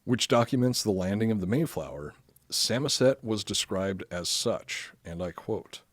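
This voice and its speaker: A man's voice: on the low side, expressive, moderate pace, no echo. A man hosting a podcast, reading from notes with lots of swearing and joking. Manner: profane, jokey, often laughing. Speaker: podcast host.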